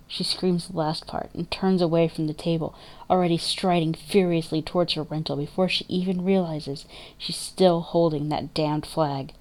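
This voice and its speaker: A woman's voice: deep voice, fairly even intonation, moderate pace, darkish tone. Woman reading emotional fiction aloud. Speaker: story reader.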